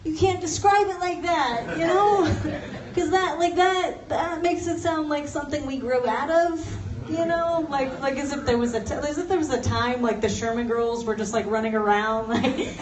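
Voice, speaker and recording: A woman's voice: sits high, normal speed, few pauses, a crowd in the background. Chatty young woman doing stand-up. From Los Angeles. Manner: chatty, self-mocking, laughs through her lines. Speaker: stand-up comic. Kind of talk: stand-up comedy set. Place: office turned into a comedy venue. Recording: roomy office space, mic at a distance, noisy.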